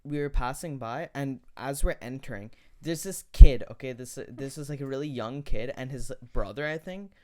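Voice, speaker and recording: A man's voice: medium pitch, normal speed, hardly any pauses. A young man co-hosting a casual podcast, telling stories between bursts of laughter. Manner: laughing, storytelling, animated. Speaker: podcast co-host. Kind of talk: casual chat. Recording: casual group podcast recording.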